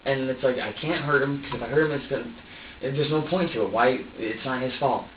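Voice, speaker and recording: A man's voice: mid-range voice, a little fast, slight background noise. A man who is a suspect in a police interrogation room, giving an emotional confession. He talks in an agitated way, swears a lot, and stops and restarts often. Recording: echoey, distant, dull room recording.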